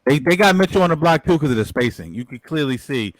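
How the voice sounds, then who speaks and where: Profane New sports fan. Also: male voice, on the high side, expressive, quick pace, dry recording. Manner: profane, rambling, repeats words. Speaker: podcast co-host. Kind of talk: casual sports chat.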